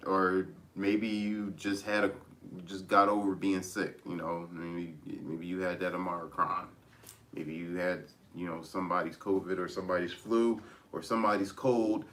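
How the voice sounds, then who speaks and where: A man giving a casual tarot reading, rambling with many restarts as he gently advises his listeners. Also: sits low. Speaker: tarot reader.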